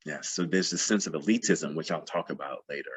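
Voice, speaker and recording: A man's voice: extremely low pitch, a little fast, husky. A man giving a plenary talk at a math conference, passionate and emphatic, repeating phrases for emphasis. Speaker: plenary speaker.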